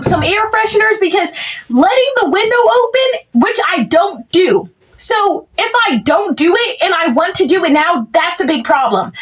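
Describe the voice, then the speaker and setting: A woman's voice: very high-pitched, fairly bright tone. A young woman delivering a rambling, exasperated comedic rant to the camera, full of filler words. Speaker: content creator. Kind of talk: comedic POV rant monologue.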